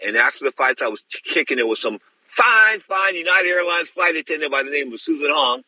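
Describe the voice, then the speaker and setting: A man's voice: fairly high pitch, animated, fairly quick, bright, forceful tone, dull audio, slight background noise. A middle-aged man hosting a show, telling stories bluntly and rambling with many restarts. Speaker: host. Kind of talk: casual storytelling.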